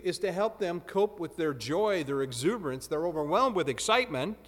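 A man preaching a sermon in a relaxed, conversational way, with joking asides. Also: high voice, normal speed. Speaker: pastor. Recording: long hall reverb.

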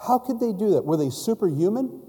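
A man's voice: sits high, sing-song, fairly quick, mellow, husky, in a large hall. A man preaching a sermon in a storytelling way, putting questions to his listeners. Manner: storytelling, asks the congregation questions.

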